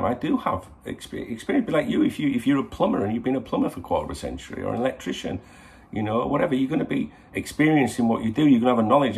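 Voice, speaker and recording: A middle-aged man, hosting a casual morning vlog to camera in a rambling, sweary, chatty way. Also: lowish voice. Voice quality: gravelly. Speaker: football channel host.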